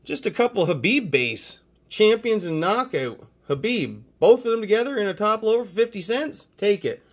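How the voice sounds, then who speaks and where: A man from Canada hosting a casual mail-day chat about his trading cards, excitable and swearing constantly. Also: sits high, normal speed. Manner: profane, excitable hype talk. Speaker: card collecting channel host.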